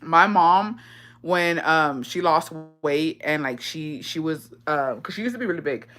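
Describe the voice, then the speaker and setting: Young woman vlogger, lowish voice, casual slangy confessional, swears a lot. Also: lively intonation, moderate pace, a bit bright, soft background music. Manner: profane, slangy, breaks into laughter.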